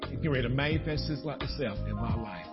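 A man preaching a sermon as pastor, animated, breaking into shouts of joy. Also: medium pitch, quick pace, gravelly, lo-fi sound, over music.

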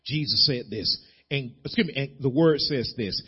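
A man preaching a sermon as pastor. He builds repeated phrases up to loud peaks and then drops to low, quiet asides. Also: normal speed, slightly rough. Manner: preaching with rising emphatic repetition, dropping to low intimate asides. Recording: muffled lo-fi sermon recording.

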